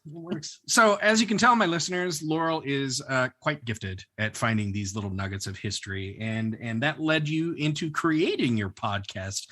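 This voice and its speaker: A man hosting a podcast, chatting casually with a guest, jokey and quick to laugh. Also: mid-range voice. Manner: animated, jokey, laughs often. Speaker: podcast host. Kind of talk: casual interview chat.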